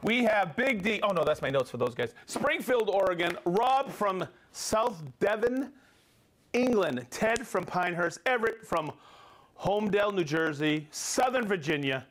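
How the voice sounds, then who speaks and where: A middle-aged man with a fairly high voice runs a live stream. He reads viewers' names and hometowns in an upbeat way and trips over the tricky ones. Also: expressive, normal speed, fairly bright tone. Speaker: livestream host.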